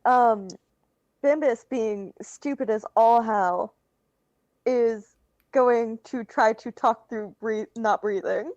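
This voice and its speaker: A woman's voice: fairly high pitch, slow, a little mellow, no room sound. Woman with a dull lo-fi mic. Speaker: player. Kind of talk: tabletop game play.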